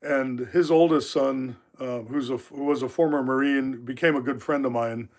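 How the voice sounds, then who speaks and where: A man's voice: mid-range voice, fairly even intonation, moderate pace. A man in his fifties from Alaska, hosting a livestream and telling rambling stories full of filler words. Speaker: livestream host. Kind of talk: casual storytelling. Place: knife workshop.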